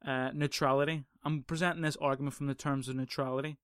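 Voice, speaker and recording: A man's voice: mid-range voice, little pitch movement, fast, fairly bright tone, smooth, no room sound, clean studio sound. A young man hosting a casual solo podcast, swearing, rambling and sarcastic. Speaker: podcast host.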